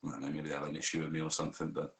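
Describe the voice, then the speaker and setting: A man's voice: rumbling low, monotone, racing, creaky, reverberant, poor audio. A man telling a comic story during role-play, swearing a lot and laughing as he goes.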